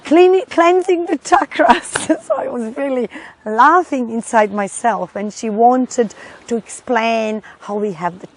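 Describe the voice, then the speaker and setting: A middle-aged woman, a doctor, recounting a personal experience in halting English, often searching for words. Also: sits high, a bit bright, low-quality recording. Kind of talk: personal testimony.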